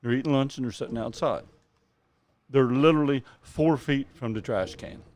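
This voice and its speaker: A man's voice: medium pitch, normal speed, a little mellow. A man co-hosting a casual talk show, laid-back with dry humor. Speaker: co-host. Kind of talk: casual chat.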